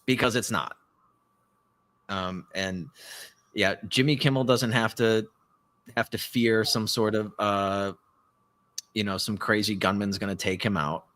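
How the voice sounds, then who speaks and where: A man co-hosting a live podcast, talking in a rambling, animated way and swearing often. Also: fairly low pitch, a little slow, pauses often. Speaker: podcast co-host. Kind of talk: casual political chat. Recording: live stream call.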